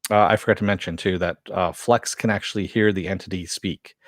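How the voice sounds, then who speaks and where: A man's voice: sits low, steady tone, brisk, dry recording, clean studio sound. A man recapping a TV episode in a rambling, casual way, full of fillers and quoted lines. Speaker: TV episode reviewer.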